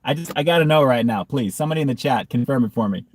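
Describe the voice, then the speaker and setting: A man's voice: mid-range voice, lively intonation, racing. A man hosting a casual food review livestream, reading chat comments and often breaking into hard laughter.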